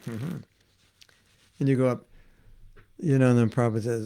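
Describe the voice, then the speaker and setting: Gravelly man telling stories in class. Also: mid-range voice, level tone, a little fast, pauses often, warm tone. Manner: chatty, laughing, acts out quoted voices. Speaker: spiritual teacher giving a class. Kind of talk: informal devotional class with storytelling.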